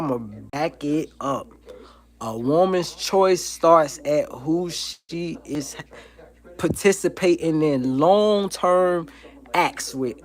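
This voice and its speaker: A man hosting a livestream from home, ranting in a heated, profane, emphatic way and repeating his points. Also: a little high. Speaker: livestream host.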